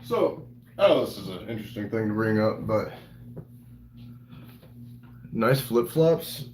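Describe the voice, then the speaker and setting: Playful streamer man, lowish voice. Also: expressive, a little slow, a little mellow, a little hiss or hum, poor audio. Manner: playful, rambling, mixes broken Spanish into English. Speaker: livestreamer reading chat. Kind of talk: casual live-stream chat.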